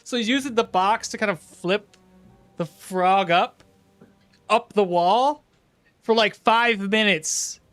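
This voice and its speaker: Male game streamer, high-pitched, loose rambling chat with frequent chuckles. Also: slow, fairly bright tone, clear, resonant tone, dry recording, faint music behind. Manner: rambling, chuckles often, trails off into asides. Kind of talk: casual live-stream chat while playing.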